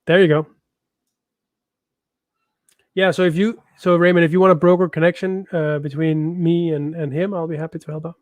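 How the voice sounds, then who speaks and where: A man's voice: fairly high pitch, little pitch movement, moderate pace, long pauses, darkish tone, no echo. A man co-hosting a live developer stream, talking loosely with many restarts. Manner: loose, rambling, lots of restarts. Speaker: co-host. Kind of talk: casual live-stream chat.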